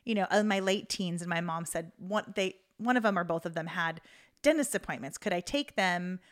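A woman's voice: fairly low pitch, normal speed. Chatty woman podcaster telling a story. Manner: chatty, filler-heavy, laughs through her story. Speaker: podcast co-host. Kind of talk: casual storytelling chat.

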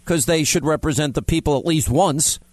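A man's voice: on the high side, a little fast, no echo. A man hosting a talk radio show, blunt and emphatic, teasing his callers. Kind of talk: talk radio, taking calls.

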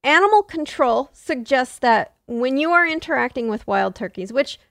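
A woman's voice: high voice, animated, moderate pace, vocal fry, fairly bright tone, no echo, studio quality. A woman hosting a casual comedic podcast, joking and slipping into silly voices. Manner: playful, breaks into silly voices and laughs. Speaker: podcast host.

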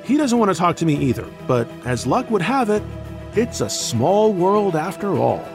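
A man's voice: sits high, sing-song, normal speed, over music. A man hosting a podcast, narrating in a scripted style with wry, sardonic asides.

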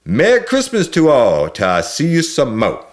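A man's voice: lowish voice, wildly swooping pitch, measured pace, voice pushed up, exaggerated voice. A man voicing an old, jolly Saint Nick with a put-on Cajun accent, calling out hearty exclamations.

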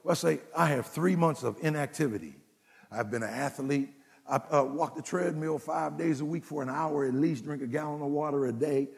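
A man preaching a sermon as pastor, emphatic and building to shouts, in a church. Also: fairly high pitch, steady tone, moderate pace, vocal fry. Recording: long hall reverb.

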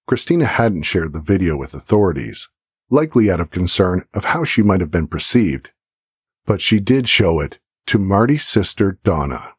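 A man giving scripted true-crime narration in a measured way. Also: low-pitched, big pitch swings, slightly rough, dry recording, clean studio sound.

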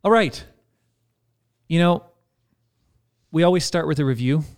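A man co-hosts a casual Christian podcast, chatting in a relaxed way and reading listener feedback aloud. His voice is a little high and a little slow.

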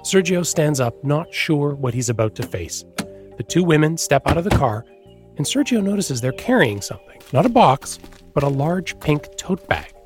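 A man's voice: on the high side, sing-song, faint music behind. Man narrating a feature story. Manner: measured storytelling. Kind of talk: scripted narration.

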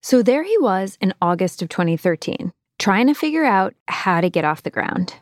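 A woman narrating a podcast in clear, even scripted delivery. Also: medium pitch, moderate pace, dry recording, studio quality.

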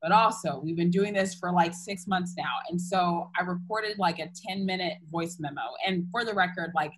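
A woman's voice: fairly low pitch, normal speed, low-quality recording. A young woman candidly retelling a personal story in casual chat, full of fillers and restarts.

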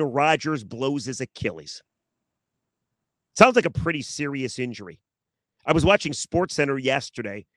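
A man's voice: mid-range voice, dry recording. A man hosting a solo sports podcast, chatty and joking, repeating himself for emphasis.

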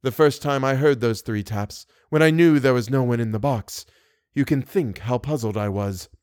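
A man voicing a haughty, excitable older woman who keeps a theatre box. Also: medium pitch, normal speed, no echo, clean studio sound, lightly acted. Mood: confiding. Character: indignant gossipy older woman box-keeper.

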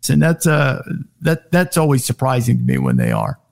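A man's voice: moderate pace, vocal fry. A middle-aged man telling sports TV anecdotes in casual chat, acting out quoted lines in a raised voice. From Alabama. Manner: animated anecdotes, acts out quotes in high voices. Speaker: guest, sports TV host. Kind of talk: casual storytelling.

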